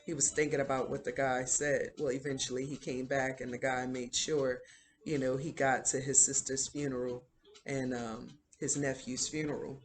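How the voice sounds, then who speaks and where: A woman's voice: rumbling low, little pitch movement, normal speed, a little hiss or hum. A woman hosting a video who retells a series in a casual, rambling way, with many fillers. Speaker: video host. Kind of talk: casual show recap.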